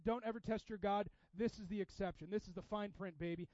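A man preaching a sermon in a casual, animated way, with sudden loud bursts. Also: sits high, a little fast, no room sound, lo-fi sound. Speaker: pastor.

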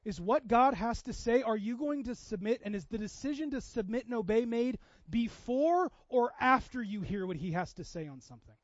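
A middle-aged man with a very high voice preaches a sermon, acting out family dialogue as he tells his stories. The sound is dry and a little dull. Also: lively intonation, normal speed, few pauses, no room sound. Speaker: pastor.

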